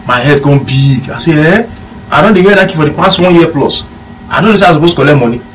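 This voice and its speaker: A man's voice: a little high, fast talker, distant mic, rough recording. A man speaking Nigerian Pidgin-accented English rattles through his anecdotes at speed, acting out both sides of each exchange. He sits some way from the mic, with a faint hum of room noise behind him. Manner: rambling anecdotes with quoted dialogue. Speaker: former footballer guest. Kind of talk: casual storytelling chat.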